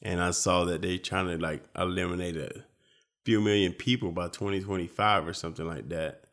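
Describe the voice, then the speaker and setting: A young man in casual conversation, rambling and profane, sometimes breaking into loud mock speeches. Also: low voice, steady tone, fairly quick. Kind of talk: casual chat.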